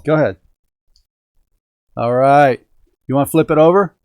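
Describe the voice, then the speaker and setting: A man's voice: a little high, normal speed, a little mellow, clear, resonant tone, no echo. A middle-aged man hosting a hobby live stream from home, chatting casually and upbeat with viewers and the chat. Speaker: host of a radio-control hobby live stream. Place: home indoors.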